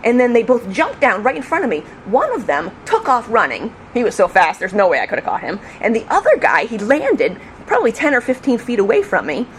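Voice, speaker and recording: Middle-aged lady telling an old police story, lively and bouncy, bit of hiss behind. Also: a little high, brisk, hardly any pauses. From New York State. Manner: lively, acts out the shouts. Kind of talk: animated storytelling interview. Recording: faint background noise.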